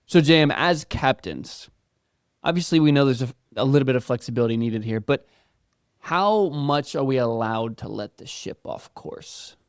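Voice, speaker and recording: A male podcast co-host with a smooth, clear voice at a middle pitch. He asks measured questions between brief agreements. The recording is dry and close. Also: lively intonation, no room sound. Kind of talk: casual podcast talk.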